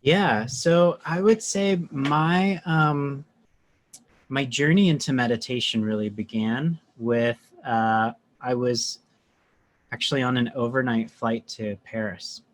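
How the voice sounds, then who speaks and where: Man, podcast guest, casual storytelling, lively and chatty. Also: mid-range voice, slow pace. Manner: chatty, animated, many asides. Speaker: podcast guest, meditation teacher.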